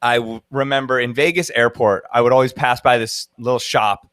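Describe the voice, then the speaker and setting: A man's voice: mid-range voice, steady tone, brisk, a bit bright, clear, resonant tone, dry recording. Dj dude in his 30s rambling thru a story, laughs a lot, dry close sound. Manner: rambling, laughs often, many fillers. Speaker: guest DJ. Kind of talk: casual storytelling.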